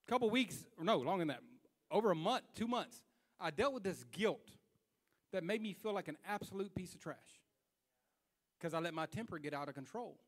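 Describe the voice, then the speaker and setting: Telling a personal story from the pulpit, this young man shifts animatedly between quiet self-reproach and booming retelling. His voice sits high, and the sound carries the feel of a big room.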